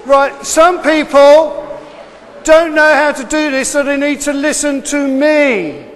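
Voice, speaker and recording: A man teaches a class of children, talking them through each step and repeating himself in a brisk, encouraging way. His voice sits very high, and he speaks slowly and deliberately. The sound carries a long, hall-like reverb. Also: fairly bright tone. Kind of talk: classroom instruction.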